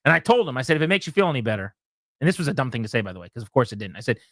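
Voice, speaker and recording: Man, radio host, casual storytelling, lively swinging pitch, acts out the voices, dry close sound. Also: rapid-fire, dry recording. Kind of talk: casual sports radio chat, telling a story.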